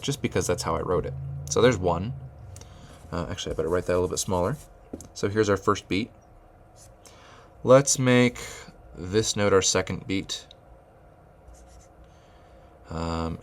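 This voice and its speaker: A music teacher with a very low, gravelly voice gives a whiteboard rhythm lesson at moderate pace, writing as he explains. He thinks aloud loosely with lots of fillers and restarts and chants the counting syllables over a faint hiss.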